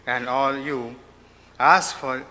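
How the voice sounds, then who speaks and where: Man reading a devotional offering aloud, very bright tone, long hall reverb. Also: medium pitch, fairly even intonation. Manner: rapid chanted recitation, then measured reading.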